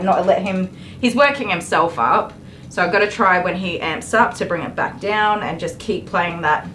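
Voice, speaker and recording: A woman dog groomer on a live stream, firmly telling a dog to stop and then calmly explaining her work to viewers. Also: mid-range voice. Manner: firm commands to dog, then calm explaining. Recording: noisy grooming room with clipper buzz.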